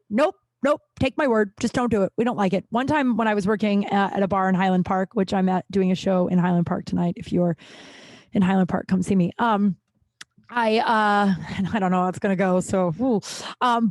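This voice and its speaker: A woman's voice: mid-range voice, no echo. A woman hosting a podcast in a casual monologue, blunt and profane, ranting and going off on tangents. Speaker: podcast host.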